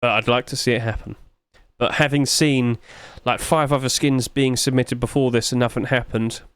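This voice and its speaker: A sleepy man chatting his way through game skin reviews, rambling along with sudden high-pitched exclamations. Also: steady tone, moderate pace, a bit bright, smooth, no room sound. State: sleepy, yawning. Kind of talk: casual screen commentary.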